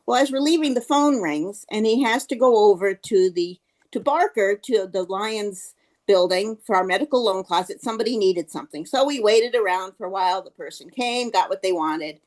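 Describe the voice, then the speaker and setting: A woman's voice: mid-range voice, moderate pace, darkish tone. A woman at a club meeting delivers a humorous personal story as a prepared speech. She acts out the quoted lines of dialogue as she goes. Her voice sits in an ordinary middle range. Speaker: club member giving a speech.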